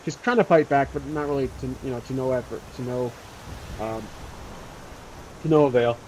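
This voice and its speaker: A man's voice: mid-range voice, normal speed, darkish tone, a little hiss or hum, rough recording. A man narrating his solo tabletop role-playing game in a casual, rambling way with many fillers.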